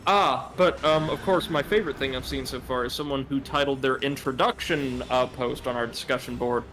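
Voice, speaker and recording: A man's voice: mid-range voice, steady tone, a little fast, fairly bright tone, a little hiss or hum. A man co-hosting a casual live stream, reading chat messages aloud and joking about them.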